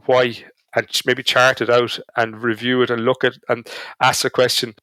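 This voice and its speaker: Telling anecdotes on a podcast as a guest, this Irish man chats casually and pokes fun at himself. His voice is medium in pitch and a bit bright, with no echo in the recording.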